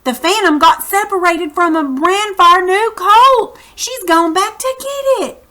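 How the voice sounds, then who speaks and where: A woman reading aloud voices a hoarse, excited male fisherman who shouts news across the water in short bursts. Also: very high-pitched, unhurried, voice pushed up, full character voice. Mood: excited shouting. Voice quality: hoarse, cracking voice.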